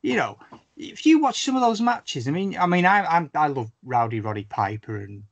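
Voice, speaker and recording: Animated sweary man chatting. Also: normal speed, dry recording. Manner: animated, sweary storyteller with big pitch swings. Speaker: podcast guest or co-host. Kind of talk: casual podcast chat.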